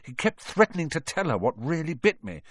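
A man's voice: a little high, very animated, brisk, fairly bright tone, no echo, pitched above the performer's own voice. A man voicing an anxious young boy whose voice climbs as he frets. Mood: worried.

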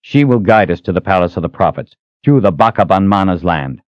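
A defiant young hero read by a man who speaks in forceful, measured threats. His delivery is animated, a little lower than average for a man. The audio is dry and slightly muffled. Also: no echo. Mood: curt. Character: defiant young male hero with magic, fierce and commanding.

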